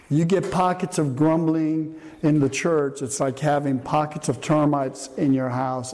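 A man's voice: fairly high pitch, a little mellow. An older man preaching a sermon in a conversational way, often asking the congregation questions. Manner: conversational, asks the room questions. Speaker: pastor. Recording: long reverb in a hall, faint noise.

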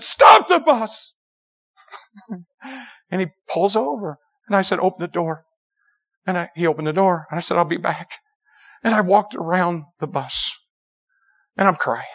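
Animated preacher man, high voice, dull recording. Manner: animated storytelling, acting out quotes with sudden high shouts. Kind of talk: sermon.

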